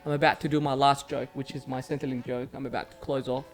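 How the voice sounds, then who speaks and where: A young Australian man, a stand-up comedian, telling animated stories in a casual chat and acting out voices along the way. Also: mid-range voice, quick pace. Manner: acts out voices in anecdotes, loud exclamations.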